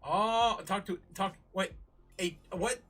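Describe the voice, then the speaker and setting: A man hosts a casual livestream, chatting loosely and laughing often. He stumbles through restarts and fillers in a bright, tense voice that sits slightly high. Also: slow. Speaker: crypto livestream host.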